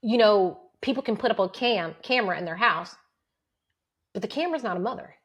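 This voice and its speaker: A woman co-hosting a podcast in casual chat, telling lively stories about raising her kids and acting out what people said. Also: mid-range voice, a little fast. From single mother of several children. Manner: animated storyteller, acts out quotes. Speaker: podcast co-host.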